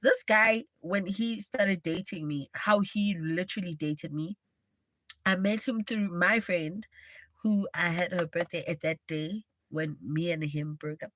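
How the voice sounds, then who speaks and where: A woman's voice: lowish voice, a little slow, fairly bright tone, dry recording. A woman livestreaming, telling a dramatic personal story in a chatty way and talking straight to her viewers. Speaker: livestream host. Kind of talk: casual storytime.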